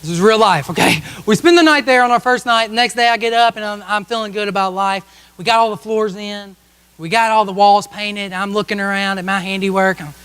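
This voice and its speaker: A man's voice: high-pitched, fairly quick, fairly bright tone, smooth. A man preaching a sermon as a pastor, telling a humorous story about himself and often checking in with the congregation with "okay?". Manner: humorous, self-mocking storytelling with frequent "okay?" asides to the congregation. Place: church service.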